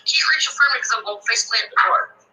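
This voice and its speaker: A woman's voice: on the high side, rapid-fire, pushed and bright, low-quality recording. A woman in her thirties telling a personal story in casual talk, blunt and full of swearing, acting out the people she met. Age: 30s. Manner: blunt and heavily profane, acts out the other people in her story.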